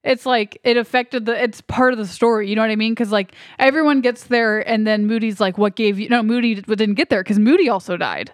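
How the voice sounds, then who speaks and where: A woman's voice: on the high side, a little fast, hardly any pauses, no room sound, clean studio sound. A woman co-hosting a podcast, chatting casually about a movie with many restarts and fillers. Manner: rambling, hesitant with many restarts. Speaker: podcast co-host.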